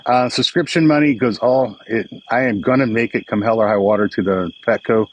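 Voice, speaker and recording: A man's voice: on the low side, lively intonation, fairly quick, low-quality recording. An older man hosting a casual live stream, greeting viewers by name in a chatty, emotional way. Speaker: livestream host. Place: indoors at home, crickets outside. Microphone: phone or webcam for a live stream. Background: crickets and insects chirping.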